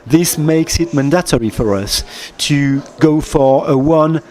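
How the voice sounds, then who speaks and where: A man with a French accent and French as his first language, giving a formal opening speech in a halting manner with restarts. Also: on the high side, darkish tone. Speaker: government minister.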